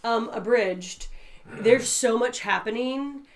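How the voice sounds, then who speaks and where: A woman's voice: fairly high pitch, slow pace. A woman co-hosting a casual chat, playful and swearing freely.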